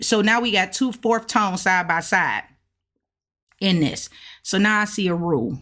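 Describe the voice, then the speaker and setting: A woman's voice: medium pitch, expressive, measured pace, fairly bright tone. A woman hosting a casual video lesson, explaining step by step and drawing out sounds to demonstrate them. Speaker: host of a language-learning channel.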